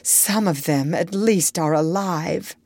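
A woman reading a storybook aloud, voicing a kindly, excitable old man who is a doctor, earnest and eager as he speaks. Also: mid-range voice, a little slow, dry recording, close to an everyday voice. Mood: hushed. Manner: earnest and eager, hushed at times.

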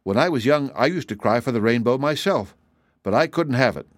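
A man voicing a kindly, easygoing ragged male wanderer who talks calmly and sympathetically. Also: medium pitch, fairly quick, dry recording, studio quality, close to an everyday voice. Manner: calm, sympathetic and soothing. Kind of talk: storybook character voice.

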